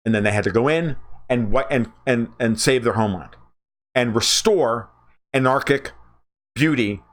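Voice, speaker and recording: A man in his forties hosting a livestream, talking about movies in a casual, profane, emphatic way, often restarting and jumping up in pitch when excited. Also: moderate pace. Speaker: livestream host.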